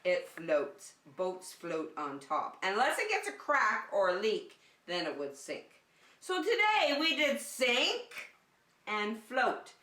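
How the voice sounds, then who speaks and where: Brief: bright, lively female preschool teacher; slow, sing-song delivery; recorded at a distance in an echoey room. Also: mid-range voice. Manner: sing-song, animated, addressing children as friends. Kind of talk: children's circle time lesson.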